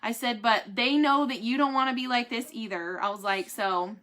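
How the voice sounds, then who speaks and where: A woman talks openly to her viewers in a casual vlog. Her voice is bright and sits a little high. She laughs easily and speaks warmly of her faith. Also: moderate pace. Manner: chatty, laughs often, candid and faith-minded. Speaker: vlogger giving a family health update. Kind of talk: casual chat to camera.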